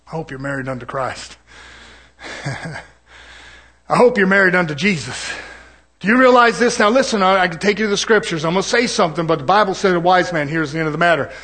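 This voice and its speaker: A man preaches in a church, his voice sitting very high for a man and ringing with a bright, cutting edge. He swings from shouted, fiery climaxes down to hushed, chatty asides aimed at his congregation. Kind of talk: sermon.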